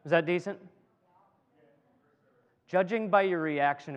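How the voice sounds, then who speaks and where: A man preaching a sermon to a congregation in a lively, joking way, often repeating his words as he builds a point. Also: fairly high pitch, a little slow, dull audio. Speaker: pastor. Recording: long hall reverb.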